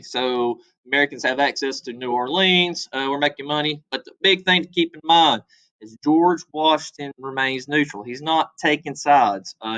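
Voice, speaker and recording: A man with a medium-pitched, bright, forceful voice teaches a casual history review, talking in a loose, conversational way with many "uh" fillers and acting out quotes. The audio quality is poor.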